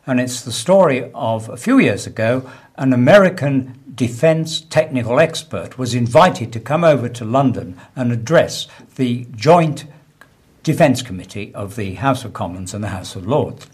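A man's voice: moderate pace, breathy edge. A man telling a humorous anecdote in casual chat on a talk show. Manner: animated storyteller, lively pitch.

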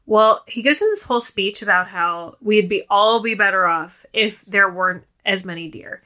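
A woman co-hosting a podcast, chatting casually about a film, with lots of "like" and quick restarts. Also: medium pitch, pushed and bright. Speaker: podcast co-host.

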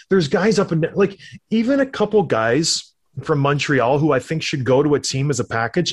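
A man's voice: on the high side, breathy edge. Ex hockey guy on a podcast, lots of voices in his stories, chatty. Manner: animated storyteller, acts out quotes. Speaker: podcast co-host, former hockey player. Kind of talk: casual sports chat.

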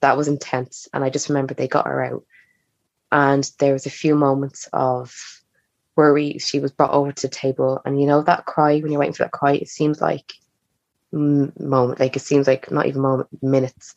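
With a rumbling low, slightly mellow voice and a flat delivery at normal speed, a young woman recounts a personal story as a podcast guest, chatting and acting out quoted dialogue. There's no room sound, and the audio is slightly dull and muffled.

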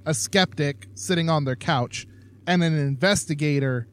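A man's voice: a little high, moderate pace, fairly bright tone. A man co-hosting a podcast, speaking in a hesitant casual way with frequent ums and uhs. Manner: hesitant, many "um" and "uh". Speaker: podcast co-host.

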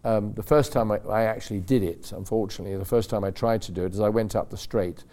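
A man telling rambling, animated racing stories in a casual chat, acting out what others said. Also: on the low side, fast talker. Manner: rambling, animated storytelling with acted-out quotes. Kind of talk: casual anecdote.

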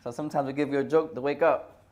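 A man's voice: mid-range voice, steady tone, quick pace, darkish tone. A middle-aged man teaching a hadith class, joking and teasing his students and mixing Arabic phrases into his English.

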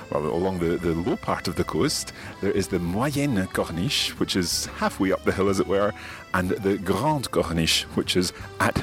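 Male podcast tutor, low voice, relaxed explainer, faint music underneath. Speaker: language podcast host. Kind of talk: bilingual lesson narration.

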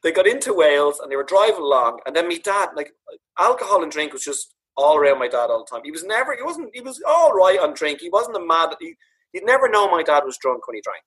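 A man's voice: a little high, fast, husky, low-quality recording. A man from Ireland with a Dublin accent, telling funny stories about his dad in a casual chat. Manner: animated, laughing, swearing. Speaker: podcast guest, author. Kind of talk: casual storytelling.

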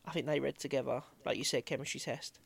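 A man's voice: medium pitch, fairly even intonation, fast talker, creaky, husky. A man co-hosting a podcast in casual chat, thinking aloud and rambling. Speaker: podcast co-host.

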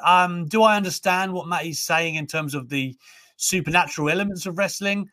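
A man's voice: high-pitched, a little fast, pushed and bright. A man hosting a wrestling podcast, chatting casually and enthusiastically with many fillers. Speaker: podcast host.

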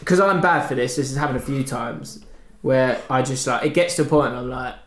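A man's voice: medium pitch, fairly quick. A man co-hosting a podcast, telling a long rambling story in casual chat. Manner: rambling animated storytelling, acts out shouts. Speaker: podcast co-host. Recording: echoey room with faint noise.

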